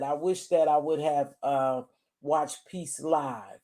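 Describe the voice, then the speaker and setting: A woman vlogger giving casual, blunt commentary, animated and repeating points for emphasis. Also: sits low, takes it slowly. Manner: blunt, informal.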